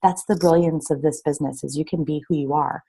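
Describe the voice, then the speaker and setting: A woman's voice: sits low, steady tone, fairly quick, vocal fry, dark tone, husky. A woman on a team call, talking frankly and encouragingly with frequent "like" and "um". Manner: encouraging, frank, says "like" and "um" often. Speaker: fitness coach on a team call. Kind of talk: casual team call chat.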